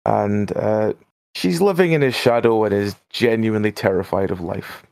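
A man playing a tabletop game, introducing his character in a dry, deadpan way. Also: lowish voice, normal speed, vocal fry, dry recording. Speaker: player. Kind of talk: casual tabletop game chat.

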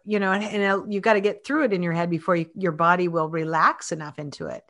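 A woman's voice: fairly low pitch, steady tone, fast talker, fairly bright tone. A woman in her fifties hosting a casual interview, chatty and full of restarts. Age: 50s. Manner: chatty, many restarts and fillers. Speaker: host.

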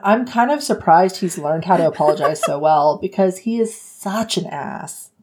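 A woman's voice: on the low side, moderate pace. Casual woman retelling a book. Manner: animated retelling with acted-out quotes and frequent laughs. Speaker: book podcast host.

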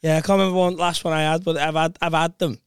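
A man's voice: on the high side, little pitch movement, fast, clean tone, no echo, clean studio sound. A man, co-hosting a podcast in casual chat, rambling and losing his thread.

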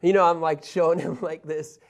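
A man teaching a Bible lesson in a sermon style, animated, telling stories and moving between loud emphasis and quiet asides. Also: a little high, moderate pace.

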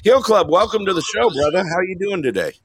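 A man's voice: sits high, animated, a little fast, a little hiss or hum. A man hosting a casual live online talk show, joking and laughing often with callers. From New York. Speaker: host.

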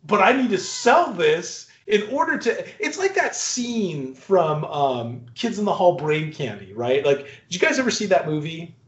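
A man's voice: sits high, big pitch swings, moderate pace, hardly any pauses. A man co-hosting a casual movie review chat, ranting profanely and laughing often. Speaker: podcast co-host. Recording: echoey, dull lo-fi room sound.

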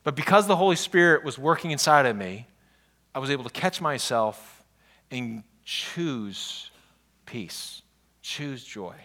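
A man's voice: mid-range voice, measured pace. A man pastor preaching a sermon in a conversational, storytelling way. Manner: conversational preaching with animated, exasperated retellings.

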